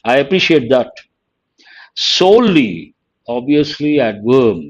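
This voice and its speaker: A man's voice: medium pitch, big pitch swings, takes it slowly, highs cut off. A man teaching a live online vocabulary lesson, reading out words one at a time and praising students by name.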